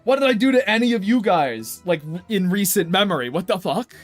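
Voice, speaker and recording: Young man, streamer, high voice, playful, mock-indignant banter, faint background music. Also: fairly quick. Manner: animated, playful, mock-indignant with frequent laughs. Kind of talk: casual chat with stream viewers.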